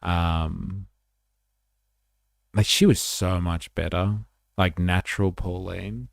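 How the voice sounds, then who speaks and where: A man's voice: deep voice, steady tone, slow pace, gravelly, dry recording, studio quality. A man hosting a livestream, giving casual, sardonic commentary on clips and reading chat aloud. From Australia. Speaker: livestream host.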